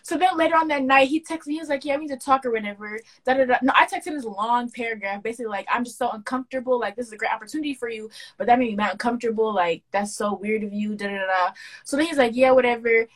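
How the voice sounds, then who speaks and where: Slightly high young woman, animated storyteller. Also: fast talker. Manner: animated storyteller, acts out quoted dialogue with slangy banter. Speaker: podcast co-host. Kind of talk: casual podcast chat.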